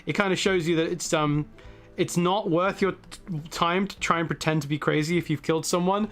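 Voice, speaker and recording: A man hosting a live stream, talking casually in a rambling, self-deprecating way with quick jokes. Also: a little high, steady tone, fairly bright tone, faint music behind. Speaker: host.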